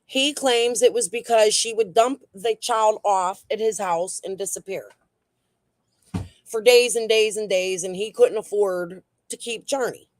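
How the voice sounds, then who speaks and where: A woman's voice: medium pitch, unhurried, no echo. Blunt, foul-mouthed woman streamer. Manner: blunt, profane and heated. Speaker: true crime livestream host. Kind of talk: casual livestream commentary, reading chat.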